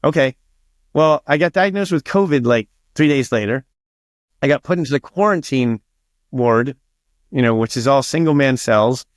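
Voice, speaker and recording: A man's voice: medium pitch, moderate pace, no room sound, studio quality. A man being interviewed as an author, telling stories casually, swearing freely and acting out what others said. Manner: swears freely and acts out quoted dialogue.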